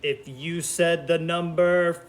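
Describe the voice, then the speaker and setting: Taking things slowly in a steady, fairly high-pitched voice, a man teaches a remote kindergarten counting lesson to kids at home. He is cheerful and patient, and his counting has a sing-song lilt.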